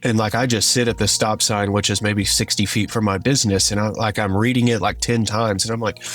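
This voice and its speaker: A man with a drawl recounts a personal story, earnest and halting, leaning on "like" as he goes. His voice sits fairly low. Soft music plays faintly behind him. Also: steady tone. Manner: earnest and halting, many "like" fillers. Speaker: guest sharing his testimony.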